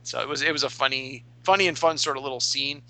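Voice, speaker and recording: A man's voice: mid-range voice, fast, sharp tone, slight background noise, rough recording. A man and podcast co-host chatting casually about a game session he ran, talking in a loose, rambling way with many fillers and restarts.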